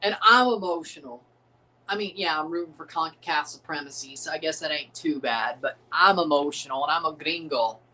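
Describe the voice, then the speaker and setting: A young man hosting a live football watchalong, calling goals with excitement and dropping into low mumbled asides between plays. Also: brisk. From United States. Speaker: livestream watchalong host. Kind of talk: live football reaction commentary.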